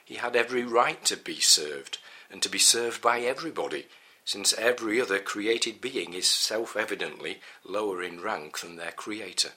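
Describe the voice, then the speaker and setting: A middle-aged man gives a scripted Bible teaching in a measured, earnest manner. His voice sits very low, yet its tone is sharply bright and forward. He reads steadily, like a preacher working through a passage.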